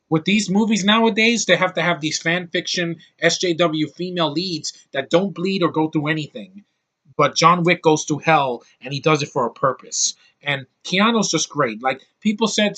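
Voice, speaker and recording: A man's voice: fairly high pitch, a bit bright. An American man giving a blunt, heated movie review in a rambling casual rant, often restarting his sentences. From United States.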